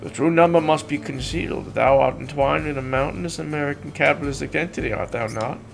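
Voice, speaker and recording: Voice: medium pitch, quick pace, vocal fry, soft background music, lightly acted. A streamer reading a grave old-fashioned courtier. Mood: solemn. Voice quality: archaic, formal phrasing. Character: solemn courtly character speaking old-fashioned English. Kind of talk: reading game dialogue aloud.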